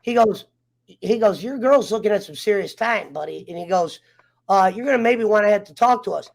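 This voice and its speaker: Fired-up american guy swearing thru a story, gravelly fry all over. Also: high voice, lively intonation, a little fast. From United States. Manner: heated, profane, fired up. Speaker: round table guest. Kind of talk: casual chat, personal storytelling.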